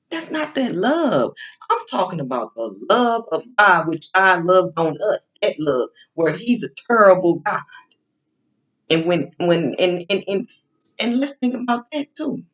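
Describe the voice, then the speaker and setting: Woman, casual sermon-style talk, slangy and repetitive, animated pitch, slow unhurried delivery. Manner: preachy, repetitive, building emphasis; informal slang, frequent restarts. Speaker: online speaker on faith and love.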